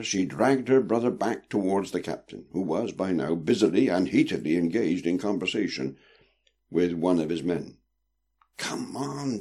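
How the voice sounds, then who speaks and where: A man reading a storybook aloud with expressive, lilting narration. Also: fairly low pitch.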